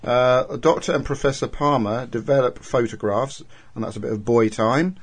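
A man's voice: medium pitch, fairly even intonation, moderate pace, husky. A man hosting a podcast, casually recapping an episode from his notes. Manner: recaps plot points from notes, chatty. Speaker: podcast host.

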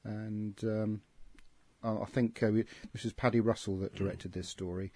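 A low-pitched man from England talks through his review in a casual panel chat. His voice is husky and a little breathy, and the sound is dry and close. He rambles, with frequent ums and restarts. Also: steady tone, moderate pace, darkish tone, no echo. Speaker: podcast host.

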